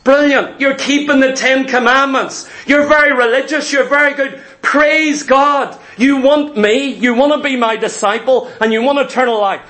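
A preacher putting on Jesus, male, exuberant teacher, high raised voice, loud praise. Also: moderate pace, hardly any pauses. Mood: enthusiastic.

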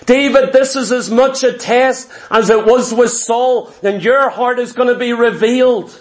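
A man preaching a sermon, retelling scripture with passion and dropping low and intense for emphasis. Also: a little slow, hardly any pauses. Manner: impassioned, dramatic storytelling, drops low and intense for emphasis.

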